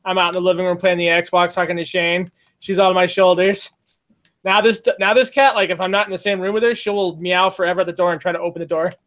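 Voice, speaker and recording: High-voiced man chatting and laughing. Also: fairly even intonation, fast talker, a bit bright. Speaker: podcast co-host. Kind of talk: casual chat.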